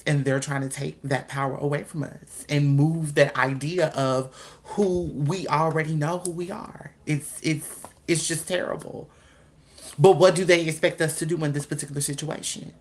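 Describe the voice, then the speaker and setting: A woman's voice: sits low, fairly even intonation, normal speed. A woman taking part in a casual group discussion, speaking emphatically in a folksy way. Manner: emphatic, folksy, addresses others as honey and girl. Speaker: discussion panelist.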